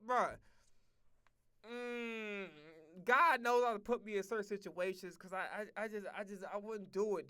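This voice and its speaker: A man streaming, talking in a casual, profane, animated rant full of restarts and repeated words. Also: sits high, smooth, dry recording, clean studio sound.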